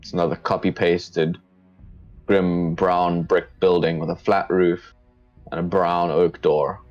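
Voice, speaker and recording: A man's voice: deep voice, level tone, slow, darkish tone. A man narrating as game master in a tabletop game, describing scenes in a casual, descriptive way with small restarts. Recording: dull lo-fi stream with faint music.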